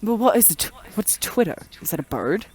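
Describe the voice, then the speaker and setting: A woman voicing a Renaissance-era British woman in a put-on British accent, bemused and halting. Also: mid-range voice, sing-song, a little mellow, close to an everyday voice. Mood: puzzled.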